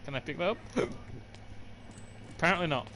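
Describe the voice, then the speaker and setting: A man's voice: on the high side, animated, normal speed, sharp tone, a little hiss or hum. A man hosting a let's play, reading in-game notes aloud and cracking sarcastic jokes as he goes. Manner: joking, sarcastic asides. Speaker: gaming channel host.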